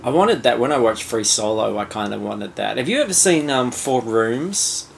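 A man talking films with a co-host in a loose, casual way. His pitch jumps around expressively, and he swears and fills his pauses with lots of "um"s. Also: vocal fry, background noise. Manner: animated, swears freely, lots of fillers. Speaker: podcast co-host. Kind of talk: casual film chat.

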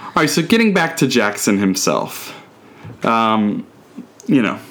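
A man's voice: lowish voice, big pitch swings, unhurried, fairly bright tone. Laid-back man co-hosting a podcast. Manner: laid-back, joking, frequent fillers. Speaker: podcast co-host. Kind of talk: casual chat, reading facts aloud.

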